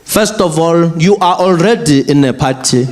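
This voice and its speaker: A man playing a gruff older president who scolds his daughter slowly. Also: on the high side, voice pushed down, close to an everyday voice. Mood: stern.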